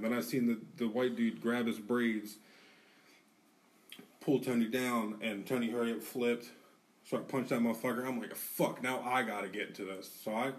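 Male podcast co-host, animated profane storyteller, set back from the mic in a studio. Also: medium pitch, recorded from a distance. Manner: animated, profane, acts out quotes. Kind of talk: casual storytelling.

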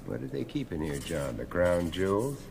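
A genial, curious professor in an old radio drama. He drawls with a gravelly edge and lots of movement in his voice. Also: low-pitched, big pitch swings, normal speed, background noise, exaggerated voice. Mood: wry. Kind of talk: 1970s radio drama acting.

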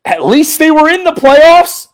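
A man's voice: very high-pitched, very animated, a little slow. A male podcast host delivering an exasperated, emphatic post-game rant full of rhetorical questions.

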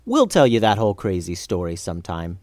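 A man's voice: low voice, wildly swooping pitch, fairly quick, a little mellow, no room sound, studio quality, pitched below the performer's own voice. A man voicing a casual kid who explains things offhandedly. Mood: offhand.

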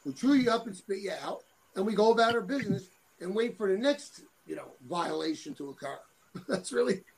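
A man's voice: sits high, expressive, brisk, creaky, a crowd in the background, poor audio. A middle-aged man chatting as a guest, rambling and repeating words as he searches for them. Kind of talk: casual chat.

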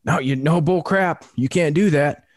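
Man putting on a shrill furious woman neighbor. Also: moderate pace, dry recording, clean studio sound, lightly acted. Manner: shrill cursing tirade. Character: irate heavyset woman neighbor yelling from afar.

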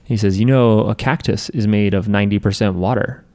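A man's voice: fairly low pitch, fairly even intonation, brisk, warm tone. A man co-hosting a podcast, chatting casually and jokingly while recapping an anime, acting out characters' lines. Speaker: podcast co-host.

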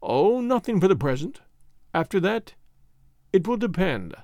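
A man voicing a cunning male spy who speaks quietly and placidly, with dry sarcasm. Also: high voice, very animated, measured pace, no room sound, full character voice. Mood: coolly sarcastic.

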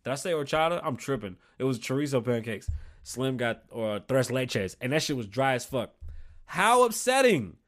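A man in his thirties, the host, ranting about a restaurant in a loud, profane monologue that swings between heated yelling and low grumbling. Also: normal speed. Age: 30s. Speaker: show host. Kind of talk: profane comedic rant.

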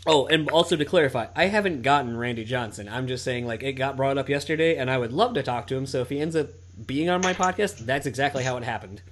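A man in his early thirties talks loosely on his own podcast, medium-pitched and relaxed. He curses freely and keeps stringing thoughts together with "like" and "you know.". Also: fast talker, hardly any pauses, a little hiss or hum. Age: 30s. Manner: swears freely, many "like" and "you know" fillers. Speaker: podcast host. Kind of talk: casual podcast chat.

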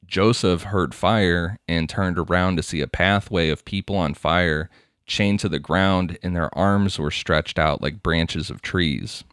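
Deep-voiced man narrating a crime story. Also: unhurried, a bit bright, smooth, no room sound, studio quality. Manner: laughing, crude, conversational narration. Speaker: podcast host. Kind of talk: true crime storytelling, casual.

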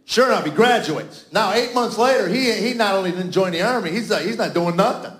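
A man in his fifties doing stand-up, his voice pitched high and his telling folksy and self-mocking. He lands each line with a punch. The sound rings in an echoey room. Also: expressive, brisk. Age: 50s. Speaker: comedian. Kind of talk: stand-up storytelling.

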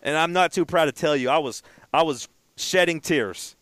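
A man's voice: fairly high pitch, normal speed, fairly bright tone, no echo. A man co-hosting a casual chat, telling stories in a rambling way and often stumbling over and repeating his words.

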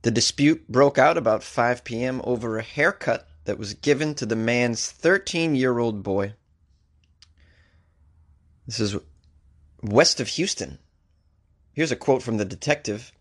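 A man's voice: mid-range voice, expressive, moderate pace, a bit bright. Man, comedian, podcast host, wry asides, reading odd news stories. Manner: wry, jokey asides between news items. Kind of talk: comic daily news podcast. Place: recording in Los Angeles.

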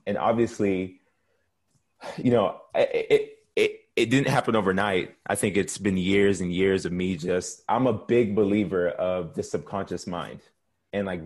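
A man's voice: sits low, darkish tone. A man talking on a panel in a thoughtful, reflective way. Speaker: panel guest. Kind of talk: casual panel chat.

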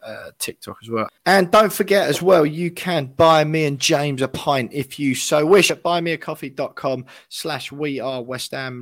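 A man's voice: medium pitch, dry recording. A young man from England hosting a podcast, talking in a matter-of-fact, bantering way. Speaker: podcast host. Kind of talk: casual chat and podcast plugs.

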